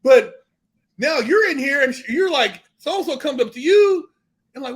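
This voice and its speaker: A man with a high voice tells his stories in an animated, profane way, acting out quoted dialogue as he goes. He is a guest on a casual podcast. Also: normal speed.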